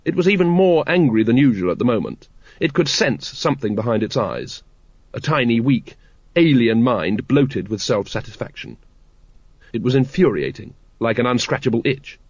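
A man's voice: mid-range voice, lively intonation, moderate pace, a little mellow, husky, dry recording. Male narrator, dry wry reading, mid-range voice, dull lo-fi recording. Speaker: audiobook narrator. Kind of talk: scripted narration.

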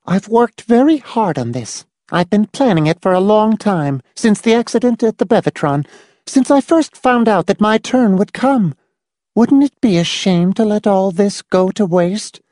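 A cool, controlling schoolteacher type, as a woman reads her, speaking with dry, dispassionate calm. The voice is mellow and dark, yet the pitch moves in lively curves. The recording is close and dry. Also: a little slow, dry recording, lightly acted. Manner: dry, dispassionate, calmly insistent. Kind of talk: audiobook dialogue reading.

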